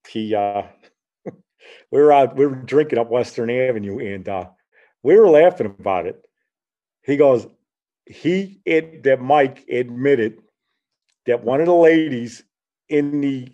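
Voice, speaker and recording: An older man in his sixties hosts a casual chat show at a middling pitch. He tells meandering stories, chuckling as he goes and replaying old conversations line by line. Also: warm tone, dull audio. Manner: rambling, anecdotal, chuckling, retells dialogue with "he goes". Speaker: podcast host.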